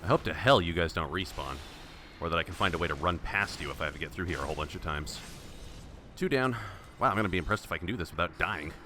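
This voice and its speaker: A man's voice: low-pitched, bright, forceful tone, slight background noise. A man giving casual, sarcastic running commentary while playing a video game, talking back to the enemies on screen. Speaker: let's-play host.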